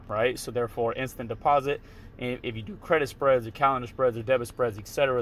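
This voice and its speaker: A man talks through a screen-share tutorial in a loose, casual way, often pausing to check the listener is following. His voice sits at an ordinary middle pitch, with a faint hum in the background. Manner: casual, checks in with "right?" tags. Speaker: retail options trader walking viewers through trades.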